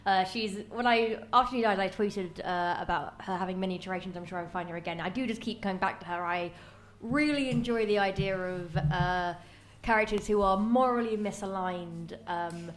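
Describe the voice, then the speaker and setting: British woman panelist, mid pitch, rambling answers, echoey stage sound. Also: moderate pace. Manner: rambling, full of filler and self-correction. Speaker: player on the panel. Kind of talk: live stage Q&A. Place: small theatre with a live audience.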